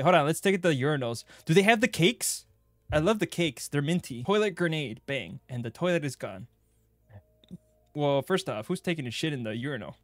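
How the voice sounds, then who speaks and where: A young man streaming a game playthrough, joking crudely and bursting into excited yelps. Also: fairly high pitch, no echo, clean studio sound. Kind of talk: gaming playthrough commentary.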